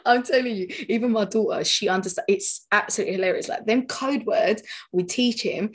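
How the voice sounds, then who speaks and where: A woman's voice: mid-range voice, a little fast. Chatty woman, laughing often. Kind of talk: casual chat.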